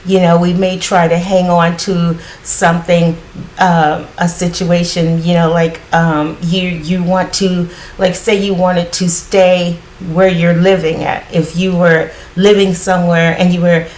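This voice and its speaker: Low-voiced woman with a groggy morning voice. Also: little pitch movement, unhurried, a little mellow, a little hiss or hum, rough recording. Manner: reassuring, rambling with many fillers. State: groggy morning voice, clearing her throat. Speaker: tarot card reader. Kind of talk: casual spiritual card reading.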